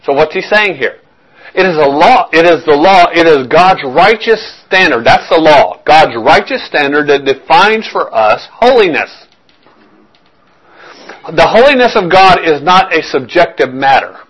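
A man's voice: a little high, animated, measured pace, a bit bright, slightly rough, low-quality recording. A man preaching a verse-by-verse sermon in a conversational way, often checking in with his listeners and repeating phrases as he works through a point. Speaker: pastor.

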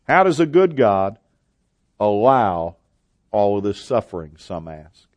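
A man preaching a sermon, reading scripture aloud with measured delivery and hesitant restarts. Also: fairly low pitch, big pitch swings, darkish tone, no echo. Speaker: pastor.

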